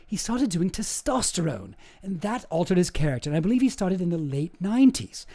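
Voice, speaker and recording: A man's voice: high voice, very animated, brisk, warm tone, full character voice. A man doing an impression of a haughty, evasive British woman giving testimony, with a put-on British accent.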